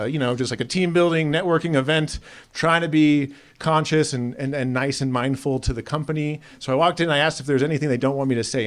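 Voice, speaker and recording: A man doing a stand-up comedy set on a club stage, with self-deprecating, deadpan asides. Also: mid-range voice. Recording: live club crowd audible. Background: audience laughing.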